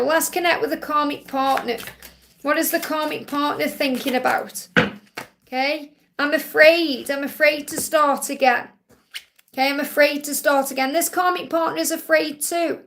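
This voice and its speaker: High gravelly-voiced woman reading cards. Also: fairly bright tone, slight background noise. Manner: reassuring, reads messages aloud then interprets. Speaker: tarot card reader answering viewer questions. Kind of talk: live-stream Q&A reading.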